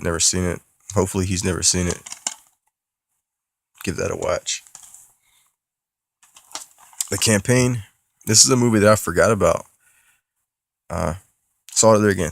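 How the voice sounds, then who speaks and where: A man's voice: low voice, vocal fry. A man with a stuffy nose, casually rambling and swearing as he shows off his new movie haul in a vlog. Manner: casual and profane, rambling with restarts. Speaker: movie collector vlogger.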